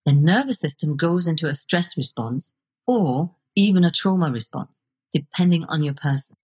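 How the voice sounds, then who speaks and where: A middle-aged woman talks as a guest on a podcast, her voice low and slightly husky. She speaks in an earnest, reflective way about her work as a coach. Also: animated, moderate pace, a little mellow. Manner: reflective, earnest, laughs easily. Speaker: guest, video coach and author. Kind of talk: podcast interview.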